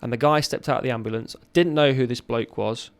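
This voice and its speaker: Gravelly-voiced man, raw storytelling. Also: mid-range voice. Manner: raw, earnest, halting with restarts. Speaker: podcast guest, ex-serviceman. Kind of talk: candid personal storytelling.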